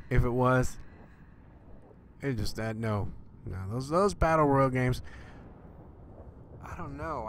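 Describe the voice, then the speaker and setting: A man's voice: mid-range voice, slight background noise. A man hosting a live stream, chatting casually with viewers and joking while he plays a game. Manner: chatty and joking, answers chat. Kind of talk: casual live gameplay commentary.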